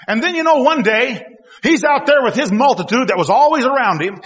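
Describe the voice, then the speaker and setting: Man, preacher, very high voice, folksy sermon storytelling, long hall echo. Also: animated, a little fast. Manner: folksy storytelling, swinging between quiet asides and loud exclamations.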